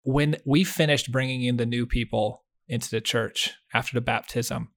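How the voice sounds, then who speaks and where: A man co-hosting a faith podcast over a video call, telling a personal story in an earnest, heartfelt way with restarts and soft laughs. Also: medium pitch, steady tone, normal speed, creaky. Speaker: podcast co-host. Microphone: video call setup.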